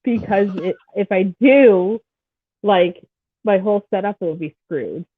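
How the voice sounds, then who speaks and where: Stuffed-up woman with a husky voice. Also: medium pitch, unhurried. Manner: chatty, rambling, teasing. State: stuffed-up nose. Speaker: podcast host. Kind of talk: casual chat. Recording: tinny phone-like line.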